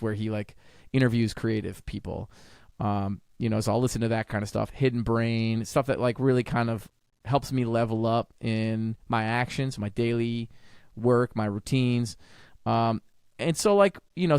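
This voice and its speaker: A man chatting as a guest in an interview, enthusiastic, talking in quick bursts and jumping up in pitch on the words he stresses. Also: clear, resonant tone, no room sound, clean studio sound. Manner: enthusiastic, jumps up in pitch on emphasis; talks in quick bursts with restarts. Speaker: podcast guest, jazz trumpeter and educator. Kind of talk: casual interview conversation.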